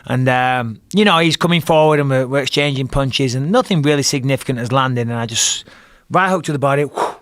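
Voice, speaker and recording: A man's voice: mid-range voice, brisk, few pauses, fairly bright tone, no echo, clean studio sound. A middle-aged man from England with an English accent, telling a fight story in casual talk, swearing and acting out his own lines. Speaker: guest, retired fighter.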